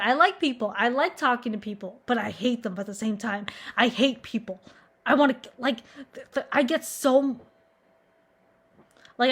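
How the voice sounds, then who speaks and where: Rambling young woman, slightly high voice. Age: young adult. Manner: rambling, heavy with fillers; flat, self-mocking. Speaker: vlogger. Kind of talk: confessional monologue.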